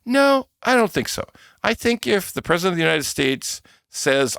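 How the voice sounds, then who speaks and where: Canadian guy ranting on his podcast, gravelly, bright sharp tone, dry close sound. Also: high voice, moderate pace, no room sound. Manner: animated, laughing, mocking quotes of politicians. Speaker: podcast host. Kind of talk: casual opinion rant.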